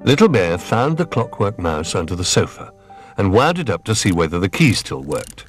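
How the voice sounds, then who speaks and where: A man reading a children's storybook aloud in an expressive, gentle manner. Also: low-pitched, normal speed, faint music behind.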